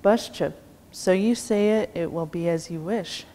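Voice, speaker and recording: A woman's voice: lowish voice, dark tone, lightly acted. Solemn wish-granting spirit, as a woman puts him on. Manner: slow, solemn pronouncements. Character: calm male transformer spirit, grants wishes. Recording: long reverb, faint background noise.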